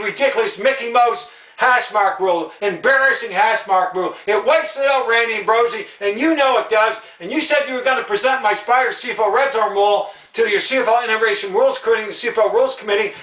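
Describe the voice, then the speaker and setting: Angry high-voiced Canadian man ranting. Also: bright, forceful tone, echoey room, far from the mic, poor audio. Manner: angry, repetitive, stammering restarts. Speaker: video ranter about football rules. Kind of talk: heated solo rant video.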